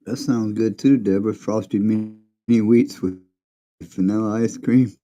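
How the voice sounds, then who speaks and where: A man chatting casually on the side of a livestream in an easygoing, unhurried way. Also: fairly low pitch, fairly even intonation, mellow.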